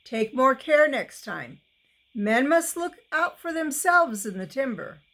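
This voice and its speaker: A woman voicing a stern but kindly farm father who gives calm, matter-of-fact advice. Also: high voice, slow, heavily acted.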